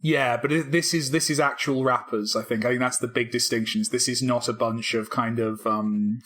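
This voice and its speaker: A man's voice: mid-range voice, fairly even intonation, normal speed, fairly bright tone. A man co-hosting a casual podcast, rambling and self-deprecating, with lots of fillers and restarts. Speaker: podcast co-host, game developer. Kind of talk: casual chat.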